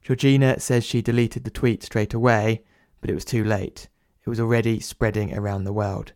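A man's voice: lowish voice, flat delivery, normal speed, few pauses, a little mellow, no echo, studio quality. A man narrating an audio drama as a wry inner voice, speaking to the listener in second person.

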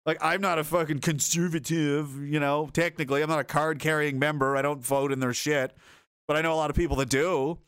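A man's voice: fairly high pitch, a little fast, clean tone, no room sound, clean studio sound. A man hosting a livestream, reading chat comments and ranting casually in a profane, sarcastic way. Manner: profane, sarcastic, animated, slips into mocking voices.

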